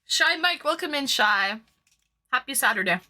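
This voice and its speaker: A woman's voice: high-pitched, animated, normal speed, sharp tone. A woman from Toronto hosting a casual livestream, greeting viewers by name in a bubbly, chatty way, her nose running from hot sauce. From Toronto, Canada. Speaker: livestream host.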